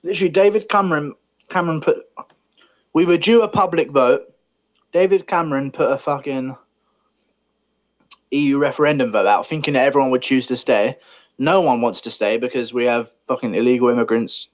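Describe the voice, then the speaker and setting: A man's voice: medium pitch, a little fast, long pauses. Profane rambling man. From Britain. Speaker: stream host. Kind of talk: casual livestream chat.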